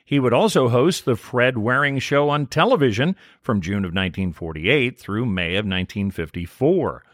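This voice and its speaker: Animated man recapping scenes. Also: medium pitch, normal speed, no echo, studio quality. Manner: animated storytelling, wry asides. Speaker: podcast co-host. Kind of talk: casual recap narration.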